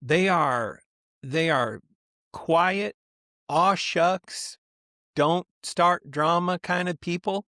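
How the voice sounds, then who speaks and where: A middle-aged man co-hosting a podcast, telling stories in a casual, animated way and slipping into the voices of the people he quotes. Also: a little high, extremely slow, no room sound, clean studio sound. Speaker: podcast co-host. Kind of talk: casual chat.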